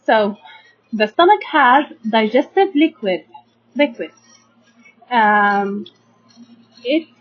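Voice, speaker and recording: A young Egyptian woman teaching primary science, patiently sounding out words syllable by syllable and checking in with her students. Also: a little high. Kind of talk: slow classroom explanation to children. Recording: dull lo-fi sound.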